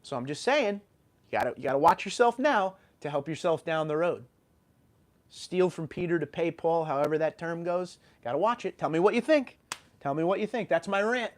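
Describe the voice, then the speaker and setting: An opinionated man from New York rants on his livestream and answers viewer comments in a lively, animated way. His voice sits a bit high for a man, and a lingering sore throat roughens it. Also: moderate pace. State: sore throat, just recovered from illness. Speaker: YouTube channel host.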